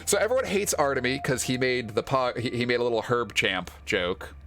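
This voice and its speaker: A man's voice: medium pitch, lively intonation, fairly quick, a bit bright. A man streaming a video game, chatting casually with rambling, self-deprecating asides and frequent laughs.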